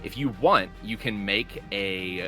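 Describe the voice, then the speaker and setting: A man's voice: fairly low pitch, takes it slowly, bright, forceful tone, soft background music. A man running a tabletop game as game master, explaining rules loosely with frequent fillers.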